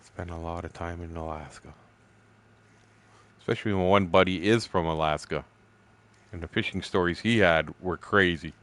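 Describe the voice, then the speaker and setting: An older man in his sixties chats while he plays a fishing game on stream. His voice sits a little low. He rambles through old stories, swears freely and laughs along the way. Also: fairly even intonation, moderate pace, long pauses, fairly bright tone. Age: 60s.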